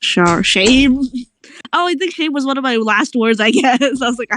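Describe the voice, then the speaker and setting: A woman's voice: high voice, lively intonation, normal speed, a bit bright, a little hiss or hum. A woman chatting casually with friends, talkative and laughing often. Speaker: friend in a gaming chat. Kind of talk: casual chat.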